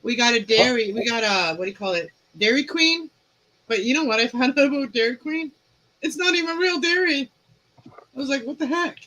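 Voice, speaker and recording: A woman's voice: high voice, lively intonation, fairly quick, pushed and bright, rough recording. A woman hosting a live stream, chatting loosely on a webcam and laughing often. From Canada. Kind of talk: casual chat.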